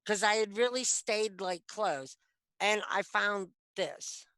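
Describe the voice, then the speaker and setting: A middle-aged woman, a metal detectorist guest on a video call, telling stories in a lively, chatty way. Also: medium pitch, takes it slowly, no room sound. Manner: animated, chatty, acts out quoted lines. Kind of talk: casual storytelling. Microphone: computer mic on video call.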